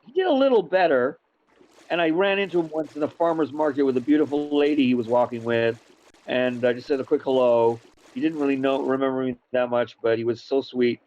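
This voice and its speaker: Rambling actor guest, muffled audio. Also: male voice, mid-range voice, a little fast, a little mellow. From Canada. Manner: storytelling, emphatic, rambling. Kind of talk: casual chat.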